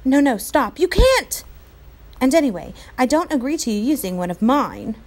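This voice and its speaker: A woman reading aloud and voicing an anxious young boy, pitched high and urgent. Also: big pitch swings, brisk.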